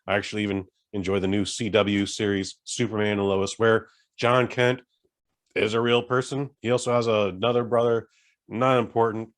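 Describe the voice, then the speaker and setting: A man's voice: fairly low pitch, fairly even intonation, normal speed. Blunt, swearing podcast co-host man. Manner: blunt, swearing, emphatic rants. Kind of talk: casual chat.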